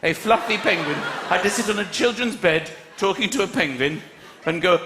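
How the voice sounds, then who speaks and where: Animated high-pitched male stand-up comic. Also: fairly quick, slight background noise. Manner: animated, exasperated storytelling with acted-out voices. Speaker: stand-up comedian. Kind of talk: stand-up routine. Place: large theatre stage. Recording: echoey theatre with loud audience laughter. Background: audience laughing.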